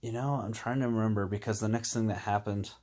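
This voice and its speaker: Candid low-voiced man telling a story. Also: fairly even intonation, fast, a little mellow. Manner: candid, rambling, hesitant with "um" and "you know". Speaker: vlogger. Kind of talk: personal storytelling monologue.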